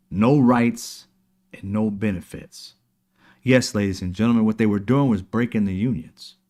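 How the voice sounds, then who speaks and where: A male commentary host holds forth in an impassioned rant, sarcastic and preachy, with the odd curse word thrown in. His voice sits at an ordinary middle pitch for a man. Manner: heated, sarcastic, preachy, swears freely. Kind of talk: casual political commentary.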